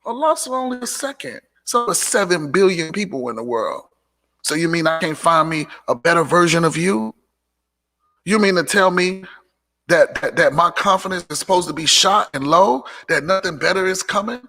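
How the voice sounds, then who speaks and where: Gravelly, emphatic man preaching self-respect. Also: a little high, normal speed, pushed and bright. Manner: preachy and emphatic, repeats lines for punch, sassy asides. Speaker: host of a live motivational talk show. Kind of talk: live motivational monologue.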